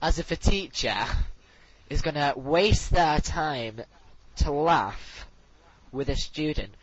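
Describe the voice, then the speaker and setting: A man's voice: a little high, lively intonation, slow, husky, dry recording. A teenage boy, chatting casually as co-host, giggly and prone to mimicking teachers, a bit wheezy from laughing. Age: teens. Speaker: podcast co-host. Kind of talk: casual chat. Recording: dull lo-fi home recording.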